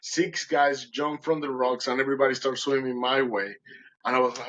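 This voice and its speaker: A man's voice: mid-range voice, steady tone, normal speed, a bit bright, highs cut off, slight background noise. A podcast guest, a man, recounting a dramatic personal story in conversation and acting out his own words with animation.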